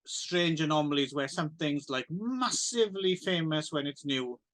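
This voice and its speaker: A man's voice: fairly high pitch, moderate pace, a bit bright. A man co-hosting a book podcast in casual chat, wry and chatty. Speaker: podcast co-host.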